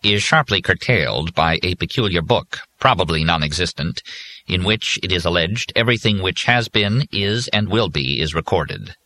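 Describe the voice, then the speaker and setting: A man's voice: sits low, animated, normal speed, bright, forceful tone, heavily acted. A man voicing a robotic government encyclopedia on the phone, curt and officious.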